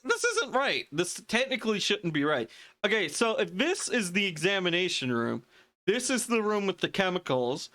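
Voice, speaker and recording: A male streamer chatting casually over a video game, rambling and amused at himself. His voice is bright and clean, and sits a little high. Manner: rambling and self-amused, laughs often. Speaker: gaming streamer. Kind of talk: casual gameplay commentary.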